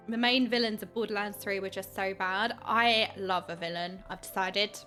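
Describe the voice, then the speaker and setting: A woman streaming a game, chatting playfully and giddily with her viewers. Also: mid-range voice. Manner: giddy, playful, squeals when excited. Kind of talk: casual game stream commentary.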